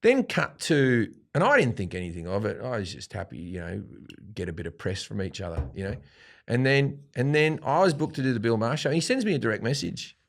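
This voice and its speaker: An Australian man, a comedian guest, telling a profane anecdote in an animated way and acting out quotes. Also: medium pitch, a little fast, gravelly. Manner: animated, swearing freely, acts out quotes.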